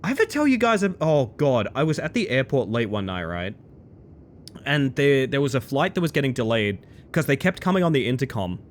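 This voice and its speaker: A man, chatting excitedly as he streams a game live. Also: mid-range voice, a little hiss or hum. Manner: excitable, chatty, bursts into loud exclamations. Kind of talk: live gameplay commentary.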